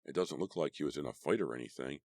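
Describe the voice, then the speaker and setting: Man doing a blunt teen boy, very deep. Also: fast, a little mellow, no echo. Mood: grim. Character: teenage boy, blunt and practical.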